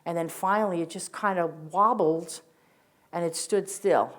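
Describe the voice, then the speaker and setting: A woman's voice: fairly low pitch, a little slow. An older woman telling her own story as personal testimony, earnest and vivid, often restarting her sentences. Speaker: witness sharing testimony. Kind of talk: first-person spoken testimony.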